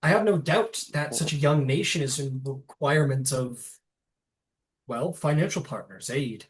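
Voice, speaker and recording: A man's voice: fairly high pitch, unhurried, close to an everyday voice, poor audio. A man voicing a scheming noble baron, persuasive and businesslike in a fantasy game.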